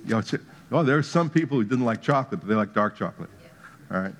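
A man's voice: on the low side, expressive, fast talker. A man preaching a sermon, telling a playful story with humor that builds to emphatic points. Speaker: pastor.

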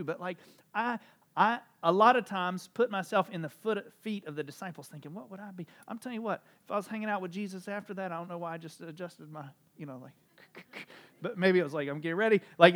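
A pastor with a high voice preaches a sermon in an easy, conversational, animated way, slipping in asides and light self-deprecating jokes. He swings sharply between loud, stressed phrases and quiet, low remarks.

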